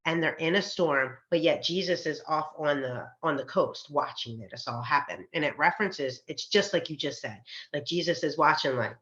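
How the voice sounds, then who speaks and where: A woman co-hosting a podcast and telling a personal faith story in a casual, animated way, acting out the voices she quotes and laughing often. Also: deep voice, moderate pace, hardly any pauses. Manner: faith-centered, frequent fillers like um and like. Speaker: podcast co-host. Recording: slightly dull, lo-fi podcast recording.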